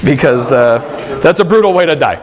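A man's voice: on the high side, animated, normal speed, crowd noise. A man teaching a Bible class, quizzing his students and joking between points. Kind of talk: classroom lecture with questions.

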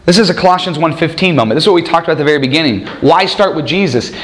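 Male preacher with a fairly high voice, lively sermon delivery. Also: rapid-fire. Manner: animated, acts out quoted voices.

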